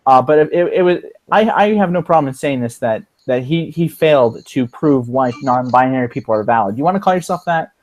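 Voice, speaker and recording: A man's voice: medium pitch, animated, brisk, few pauses, darkish tone. A man talks loosely on a livestream call, rambling and cursing freely. His mid-range voice is heard through a computer mic, full of fillers and restarts. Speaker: livestream co-host. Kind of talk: casual livestream chat.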